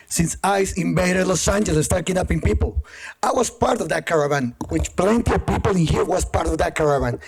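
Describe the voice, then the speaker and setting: Husky, heated man at a podium. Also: sits high, low-quality recording. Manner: accusatory, heated, profane. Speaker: public commenter at a police commission meeting. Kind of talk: angry public comment speech. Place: public meeting chamber.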